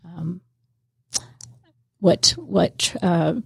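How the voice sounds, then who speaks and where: Husky, gravelly woman telling her story. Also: on the low side, fairly even intonation, extremely slow, no echo, clean studio sound. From Mississippi. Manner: emotional, laughs often, many restarts. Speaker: guest. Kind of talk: candid personal story in conversation.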